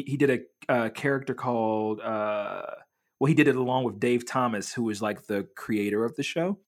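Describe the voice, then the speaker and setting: A man co-hosting a casual chat, rambling with many fillers and restarts as he tells a story. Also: medium pitch.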